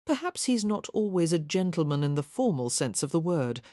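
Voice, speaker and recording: A gentle, earnest young lady from a Victorian audiobook romance, voiced by a woman narrator. She speaks softly and sincerely in a warm, mellow tone, a little higher than the narration, with a dry close sound. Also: big pitch swings, a little fast, no echo. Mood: tender.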